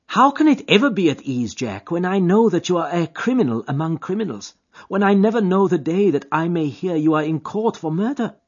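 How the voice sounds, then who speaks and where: A woman's voice: very animated, a little fast, a little mellow, husky. A frantic young woman. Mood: pleading. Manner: high, shrill, emotional pleading. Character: young woman, nineteen, pleading and desperate. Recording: dull lo-fi recording.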